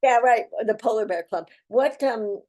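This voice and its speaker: An older actress talking as an interview guest, effusive and heartfelt, chatty with frequent restarts. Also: female voice, a little high, measured pace, darkish tone. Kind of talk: casual interview chat.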